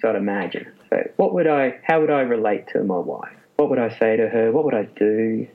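Animated man, husky lo-fi voice. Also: fairly low pitch, brisk. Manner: animated, laughs often. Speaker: clinical psychologist guest. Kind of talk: casual interview talk. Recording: muffled lo-fi sound.

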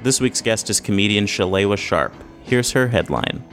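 Casting: low-pitched male host, dry and brief, music playing clearly behind. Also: animated, moderate pace, fairly bright tone. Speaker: podcast host. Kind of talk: show host introduction and banter.

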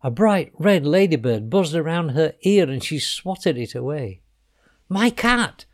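A man narrating a children's storybook in an expressive, unhurried way. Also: fairly high pitch.

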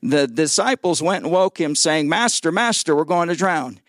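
Guest preacher, male, high voice, dry close sound, jokey and lively, keeps getting call-and-response from the pews. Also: moderate pace, no room sound. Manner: lively and joking, calls on the congregation for responses; stumbles and repeats words when excited. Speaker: guest pastor. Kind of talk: sermon. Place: church service before a congregation.

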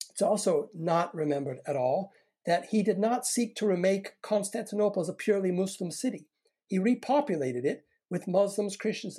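Mellow husky-voiced historian lecturing. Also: mid-range voice. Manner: measured, lecturing with frequent restarts. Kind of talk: academic discussion answer.

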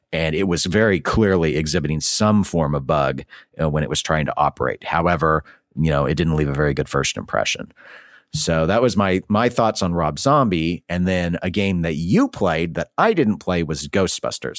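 A man's voice: deep voice, dry recording, studio quality. A man co-hosting a podcast, chatting casually and reviewing games, thinking aloud as he goes. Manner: conversational, thinks aloud with restarts. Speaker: podcast co-host.

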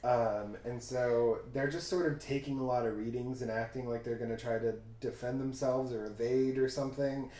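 A man's voice: medium pitch, fairly even intonation, moderate pace, hardly any pauses, warm tone. A man co-hosting a podcast, chatting casually and recapping a TV episode in a rambling way full of "like". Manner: rambling, filler-heavy, full of "like". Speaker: podcast co-host. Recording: echoey room.

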